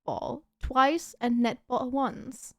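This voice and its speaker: Giggly high-voiced woman streamer. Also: steady tone, takes it slowly, a bit bright. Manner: giggly, laughs often. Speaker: streamer host. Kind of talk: casual livestream chat.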